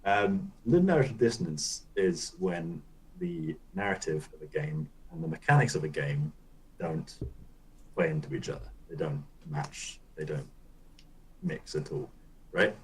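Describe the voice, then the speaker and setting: A man with a deep, low-pitched voice co-hosts a gaming podcast. He talks in a loose, rambling way and swears casually as he explains things. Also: unhurried, darkish tone, rough recording. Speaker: podcast co-host.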